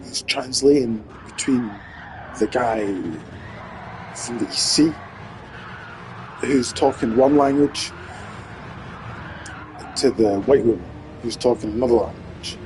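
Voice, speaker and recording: A man streaming live, rambling and swearing through an animated monologue. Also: mid-range voice, slow, pauses often, background noise.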